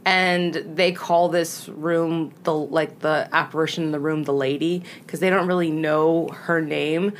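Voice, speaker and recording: A woman's voice: low voice, steady tone, a little slow, hardly any pauses, slight background noise. A woman casually telling ghost stories on a podcast, chatty and full of "like", acting out what people said. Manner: chatty, lots of "like", acts out quoted lines. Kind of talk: casual storytelling chat.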